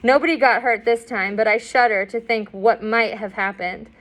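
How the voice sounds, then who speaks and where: Woman's read-aloud take on a fretful, doting grandmother, soft and fussy. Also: on the high side, moderate pace, close to an everyday voice, rough recording. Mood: worried.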